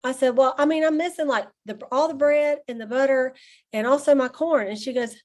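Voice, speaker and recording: A woman's voice: high voice, brisk, a little mellow. A woman, casually talking to her sales team on a call, chatty and full of stories, laughing often. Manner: chatty storyteller, addresses listeners as y'all, laughs often.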